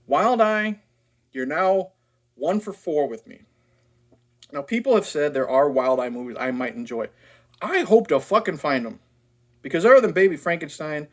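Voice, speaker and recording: A man ranting in a casual movie review, blunt, profane and sarcastic. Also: a little high.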